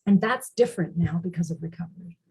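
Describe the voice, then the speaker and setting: Middle-aged woman, lowish husky voice, candid and earnest, sharing her recovery story. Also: fast, darkish tone, poor audio. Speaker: recovery speaker. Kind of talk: personal storytelling talk.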